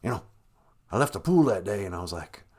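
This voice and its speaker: A man doing an impression of an older male politician, speaking in a hushed, breathy half-whisper with rambling, folksy tough talk. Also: lowish voice, big pitch swings, brisk. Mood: mock-tough.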